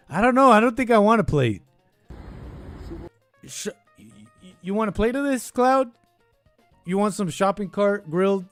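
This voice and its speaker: A man with a slightly high voice hosts a podcast, riffing sarcastically on a clip and thinking out loud. His voice is dry and close to the mic. Faint music plays underneath. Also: animated, normal speed, long pauses, no room sound. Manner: sarcastic, rambling, thinking aloud. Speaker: podcast host reacting to clips. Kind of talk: casual reaction commentary.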